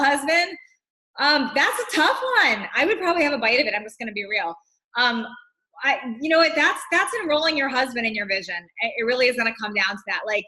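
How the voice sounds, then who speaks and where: A middle-aged woman hosts a casual live coaching session and answers viewer questions as they come in. She is talkative and fills her speech with "like". Her voice sits a little high and sounds bright and energetic. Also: rough recording. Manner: chatty, reads and answers viewer comments, many "like"s. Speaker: fitness coach hosting a live class.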